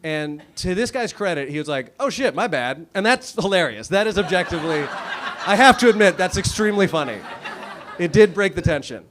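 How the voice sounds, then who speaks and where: A man's voice: high-pitched, animated, brisk, noisy background. A man in his thirties performing a stand-up set on a comedy club stage, with a wry, self-deprecating, conversational delivery. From United States. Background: audience laughter.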